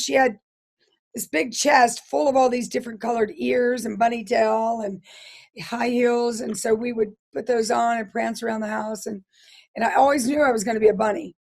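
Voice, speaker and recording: A hoarse middle-aged woman, a guest telling her life story in an interview in an earnest, halting way with frequent restarts. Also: on the high side. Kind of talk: personal testimony interview.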